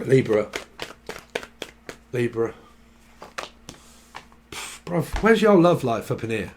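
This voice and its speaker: A man talks through a tarot reading in a loose, rambling way. He drops into slang and plays out little conversations as he goes. His voice sits at an ordinary middle pitch. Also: very animated, takes it slowly, a little hiss or hum. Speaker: tarot reader. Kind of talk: casual tarot reading monologue.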